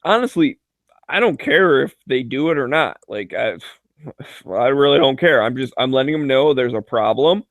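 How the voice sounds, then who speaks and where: A man's voice: mid-range voice, animated, normal speed, no echo. A man in casual chat, telling joking, profane stories full of filler words and frequent laughter. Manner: loose filler-heavy delivery with many "like"s. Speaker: chat regular.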